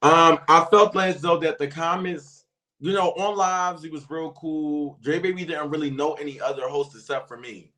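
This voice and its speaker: Guy chatting on a live stream, kinda high voice, lots of ums and restarts. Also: fairly even intonation, normal speed, pushed and bright. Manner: rambling, lots of filler words and restarts. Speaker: livestream show guest. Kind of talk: casual chat.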